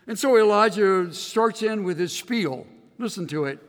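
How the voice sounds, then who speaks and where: A male pastor preaching a sermon in an earnest voice that swings into loud, emphatic bursts. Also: high voice, animated, moderate pace, hardly any pauses. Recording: reverberant hall.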